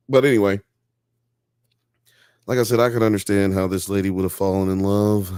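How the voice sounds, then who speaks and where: Animated man hosting a live show. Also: on the low side, clean tone, dry recording, studio quality. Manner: animated, slangy, joking. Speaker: podcast host. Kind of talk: casual live-stream chat.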